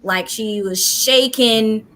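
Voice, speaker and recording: A woman co-hosting a casual news podcast, retelling an incident in an animated, drawn-out way. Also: a little high, over a noisy crowd. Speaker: podcast co-host. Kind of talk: casual chat.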